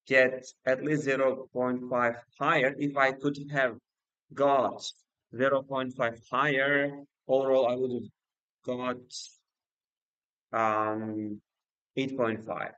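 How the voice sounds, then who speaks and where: A man's voice: medium pitch, a bit bright, no echo, lo-fi sound. A man hosting a casual livestream, speaking hesitantly with many fillers and restarts. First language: Uzbek. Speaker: livestream host and exam student.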